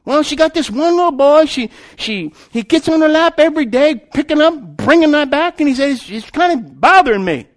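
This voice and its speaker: Preacher doing a high-voiced, whiny bus driver; loud complaining. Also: male voice, expressive, normal speed, hardly any pauses. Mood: aggrieved.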